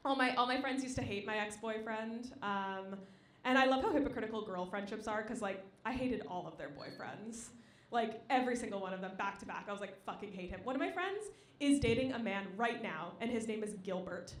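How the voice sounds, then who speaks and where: A young woman doing a stand-up comedy set on a club stage, dry and deadpan between loud acted-out quotes. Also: fairly high pitch, a little fast. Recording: echoey live venue.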